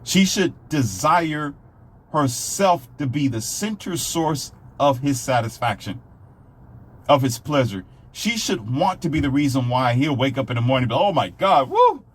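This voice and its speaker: A man with a husky, slightly breathy voice delivers a blunt, emphatic rant, repeating himself for force. His pitch sits in an ordinary middle range. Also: animated, measured pace. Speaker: self-published author giving dating advice. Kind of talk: ranting monologue.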